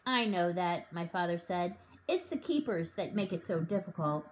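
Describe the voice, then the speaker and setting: A woman reading the part of a father who dreams up a daring scheme and grows excited as he explains it. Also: fairly low pitch, moderate pace, slight background noise, voice pushed down, close to an everyday voice, low-quality recording. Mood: matter-of-fact. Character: warm scheming father with a broken leg.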